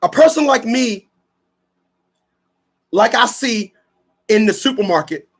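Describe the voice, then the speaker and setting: A man's voice: very high voice, animated, slow. A man from Newark, hosting a radio talk show in a blunt, rambling, preachy monologue full of slang. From Newark, New Jersey.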